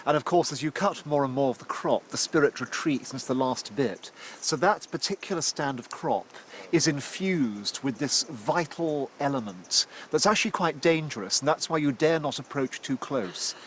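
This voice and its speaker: A male historian explains a harvest custom out in a field. He talks keenly, lecturing with a theatrical edge. His voice is mid-pitched, with a faint hiss in the background. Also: expressive, normal speed, fairly bright tone. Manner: enthusiastic, lecturing, slightly theatrical. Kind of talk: explaining to the farmers. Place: outdoors in a wheat field.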